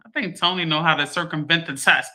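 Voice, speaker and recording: A woman, hosting a livestream and chatting to her viewers in a lively way, laughing often. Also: low-pitched, quick pace. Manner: animated, laughing, addresses viewers as y'all. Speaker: livestream host. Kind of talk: casual chat to a live audience.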